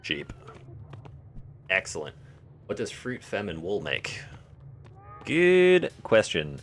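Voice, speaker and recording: A man's voice: deep voice, lively intonation, slow, pushed and bright. A man live-streaming a game, joking and thinking aloud as he answers chat. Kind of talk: casual live-stream chat while playing.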